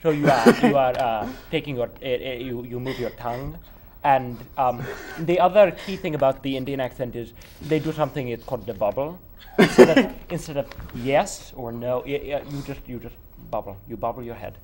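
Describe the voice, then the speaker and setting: A man's voice: medium pitch, brisk, darkish tone, slight background noise. A young man, a student actor, joking dryly in a casual interview.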